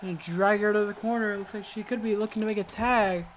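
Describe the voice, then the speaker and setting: A woman commenting play by play on a wrestling video game, calling the moves with sudden excited exclamations and frequent hesitant fillers and self-corrections. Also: medium pitch, fast, slight background noise. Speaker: gaming video host.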